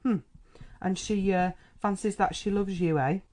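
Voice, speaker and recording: A man voicing a gruff, testy country doctor in a storybook, brusque and sober. The tone is mellow and warm, close to the reader's own voice. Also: high-pitched, steady tone, measured pace, pitched above the performer's own voice. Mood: stern. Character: stern, gruff middle-aged male country doctor. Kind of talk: audiobook character reading.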